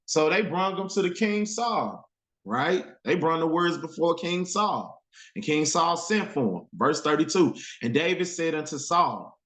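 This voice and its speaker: A man teaching a Bible class reads archaic verses aloud, then retells them in street slang as commentary on the scripture. His voice is on the high side and fairly bright, with lively intonation and a measured pace. The recording has a roomy echo.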